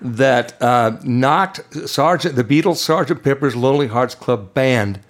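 A man's voice: medium pitch, a little slow. A man co-hosting a music radio show, chatting casually and teasing his partner as he introduces a song.

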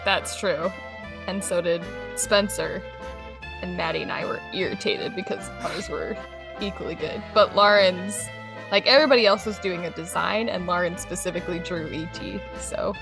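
A young woman co-hosting a podcast, telling stories in a casual, giggly, animated way. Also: on the low side, moderate pace, gravelly, music in the background. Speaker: podcast co-host. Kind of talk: casual chat.

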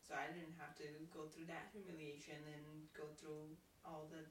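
A woman sharing in a casual Bible study discussion, hesitant with many pauses. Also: sits low, little pitch movement. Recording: distant mic in an echoey room with faint noise.

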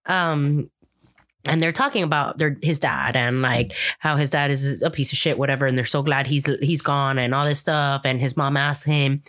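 A woman's voice: low voice, steady tone, unhurried, a bit bright. A young woman co-hosting a podcast in casual chat, rambling with lots of "like" and acting out quotes from the show. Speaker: podcast co-host.

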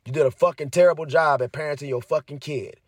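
A man's voice: on the high side, fast, no room sound, studio quality. A young man ranting heatedly to his viewers, cursing heavily and repeating himself as he gets worked up. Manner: heavy cursing, fired up, repetitive. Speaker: commentator. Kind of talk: heated casual rant to viewers.

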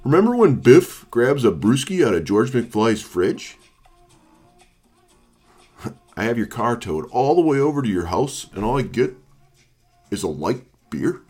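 A man's voice: medium pitch, sing-song, a little slow, pauses often, dark tone, husky, faint music behind. A man voicing a friend's middle-aged dad who teases him over the phone with a chuckle. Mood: teasing. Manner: teasing, chuckling. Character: joking middle-aged dad, prank caller.

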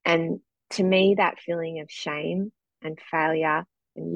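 A woman's voice: deep voice, steady tone, slow pace, vocal fry, no room sound, lo-fi sound. A woman, a guest musician talking earnestly and reflectively in a candid interview. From Australia. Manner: earnest, reflective, with frequent um fillers.

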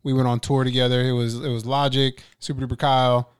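A young man hosts a relaxed podcast, trading stories with his brother. His voice is smooth and clear. The recording is dry and close, with no room sound. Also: medium pitch, fast, dry recording. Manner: laid-back, laughs often, swears casually. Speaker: podcast host. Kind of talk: casual podcast chat. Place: studio.

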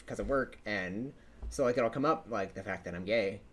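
A man's voice: on the low side, moderate pace. A man in his twenties with a slight lisp, co-hosting a casual chat and telling stories with lots of fillers and laughs. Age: 20s. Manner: lively storyteller, laughs often, many fillers. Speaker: podcast co-host.

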